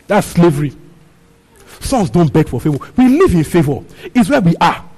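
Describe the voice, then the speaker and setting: A man's voice: fairly high pitch, sing-song, moderate pace, darkish tone, poor audio. A man preaching a sermon, repeating his phrases and asking the congregation questions. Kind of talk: sermon teaching on a Bible passage.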